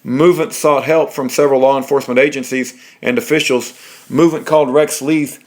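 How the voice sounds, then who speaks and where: A man's voice: mid-range voice, fairly even intonation, fairly quick, darkish tone. A man reading legal documents aloud in a plain way, with fillers and restarts. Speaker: reader of court documents.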